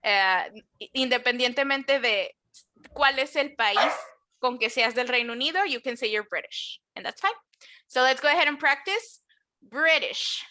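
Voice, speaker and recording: An animated woman with a high, bright voice teaches English online, covering nationalities. She mixes English and Spanish in her explanations and slowly draws out model words for the students to repeat after her.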